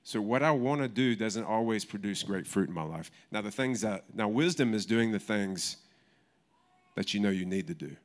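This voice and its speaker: Man, pastor, low voice, conversational sermon, church, frequent restarts. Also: animated, normal speed.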